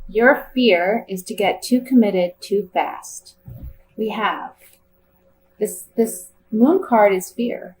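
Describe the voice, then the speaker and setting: A woman's voice: mid-range voice, darkish tone, a little hiss or hum, rough recording. A woman giving a tarot reading in a casual, chatty way, thinking aloud as she turns the cards. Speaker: tarot reader.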